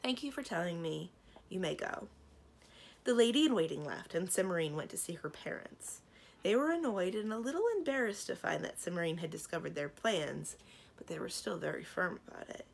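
A woman librarian reading a children's book aloud with expressive storytelling. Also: fairly low pitch, a little fast, gravelly, husky.

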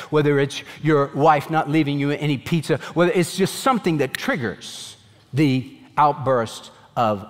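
A man's voice: medium pitch, big-room sound. A man preaching a sermon as pastor, earnest and emphatic, raising his voice in pleading questions.

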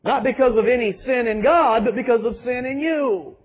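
A man's voice: very high-pitched, normal speed, dull audio. A man pastor preaching a sermon with emphatic rhetorical questions and calls to the congregation.

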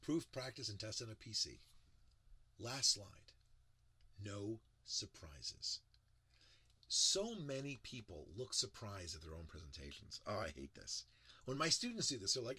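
A middle-aged man teaching presentation design in a lively lecture, acting out quotes in big voices. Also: lowish voice, unhurried, husky. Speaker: presentation instructor.

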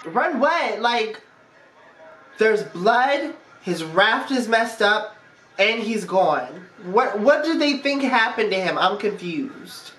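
Animated, laughing woman reacting to a film. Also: medium pitch, slow, a little hiss or hum. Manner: expressive, exclamatory, laughs often. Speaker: movie reaction vlogger. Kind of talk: casual reaction commentary. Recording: roomy echo with faint music.

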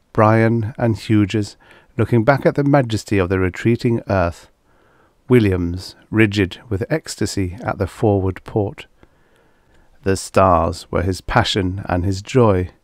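Deep-voiced male audiobook narrator. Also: a little mellow, no echo, clean studio sound. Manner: measured, storytelling.

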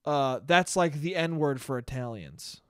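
A young man with a high, light voice rants alone on his podcast, swearing freely and cracking himself up. The sound is dry and close, with no room around it. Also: measured pace, smooth, no room sound. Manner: profane, animated, laughs at his own jokes. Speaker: podcast host. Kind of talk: solo comedic podcast rant.

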